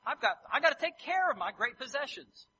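Preacher putting on a possessive young rich man, protesting, high and bright. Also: sing-song, a little fast, highs cut off, slight background noise, heavily acted. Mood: indignant. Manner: protesting, defensive.

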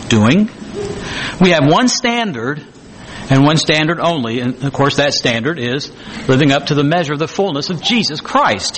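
A male preacher with a high, bright voice delivers a sermon, slowing down to stress key words. His pitch rises and falls widely as he puts one rhetorical question after another to the congregation. Faint room noise sits behind him. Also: rough recording.

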